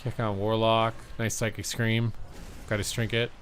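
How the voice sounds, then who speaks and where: Male streamer-commentator, worn out, fast game calls, casual chat. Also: fairly low pitch, slight background noise. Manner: quick play-by-play, rising excitement on big plays. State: tired, yawning.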